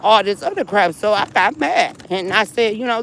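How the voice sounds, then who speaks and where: Upset and exhausted, a woman vents to her viewers through a long personal story, speaking to them directly and repeating herself a lot. Her medium-pitched voice is animated and fairly bright, moving at a moderate pace, though the audio is poor.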